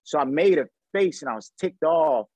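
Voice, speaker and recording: Animated, slangy man telling a story. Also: a little high, normal speed, dry recording, rough recording. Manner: animated, slangy storyteller acting out quoted dialogue. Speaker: guest, former pro football receiver. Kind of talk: casual interview storytelling.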